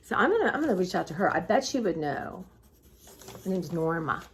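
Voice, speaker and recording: A woman's voice: on the low side, very animated, brisk, husky. A middle-aged woman vlogging in a casual, rambling way, reflective and heartfelt, tired and close to tears. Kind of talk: casual personal vlog chat.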